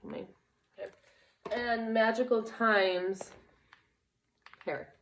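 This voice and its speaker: A woman's voice: fairly high pitch, steady tone, drawn-out words, slight background noise. Rambling young woman reading tarot. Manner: rambling, searching for words, with laughs. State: runny nose. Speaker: tarot card reader. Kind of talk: casual spiritual vlog talk.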